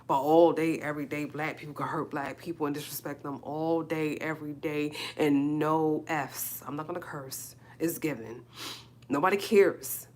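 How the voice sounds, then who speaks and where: A woman, hosting a live stream and speaking a halting, emotional personal monologue, repeating herself as she holds back tears. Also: deep voice, fairly even intonation. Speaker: livestream host. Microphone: phone or webcam on a live stream.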